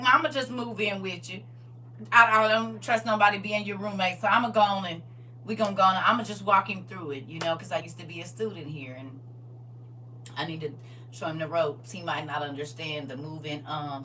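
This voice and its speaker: Animated woman preaching, bright and distant. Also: lowish voice. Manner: animated, swings from soft asides to loud bursts, acts out quoted people. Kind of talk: lively sermon to a live congregation. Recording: distant mic with faint hum.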